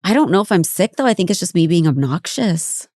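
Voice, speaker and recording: A woman's voice: lowish voice, big pitch swings, fairly quick, a little mellow, dry recording, clean studio sound. A middle-aged woman co-hosting a podcast, talking frankly, mocking herself and swearing casually. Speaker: podcast co-host. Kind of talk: casual chat.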